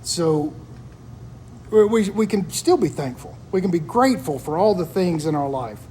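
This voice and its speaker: A man with a voice pitched high for a man talks through personal stories in a relaxed conversational chat. He sounds earnest and reflective as he shares them. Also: moderate pace, a little hiss or hum. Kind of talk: casual chat.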